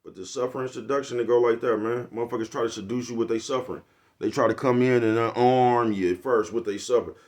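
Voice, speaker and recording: A man's voice: medium pitch, steady tone, fast talker. An older man, giving a blunt, preachy, profane motivational monologue to his viewers. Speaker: vlogger.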